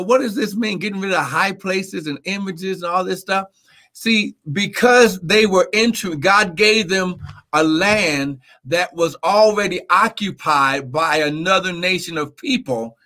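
A man preaching in a live Bible teaching, reading scripture, repeating words and calling for amens. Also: sits high. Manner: animated, repeats words, asks amen.

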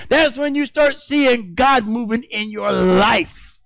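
High-pitched male pastor preaching with fervor. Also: takes it slowly, gravelly, no room sound, studio quality. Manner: preaching that swings from shouted peaks to low conversational asides; acts out quoted voices of God and of complaining believers. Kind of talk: sermon.

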